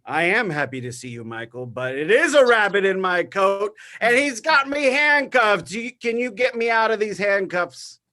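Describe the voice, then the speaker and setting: A man's voice: sits high, expressive, normal speed, hardly any pauses, sharp tone. A man performing improvised comedy on stage, loose and laughing.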